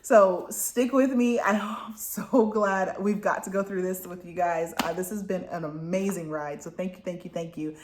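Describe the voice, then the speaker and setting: A woman vlogger recapping book chapters in a casual chat, excitable and gushing as she tells the story. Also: on the low side, normal speed, hardly any pauses, slight background noise.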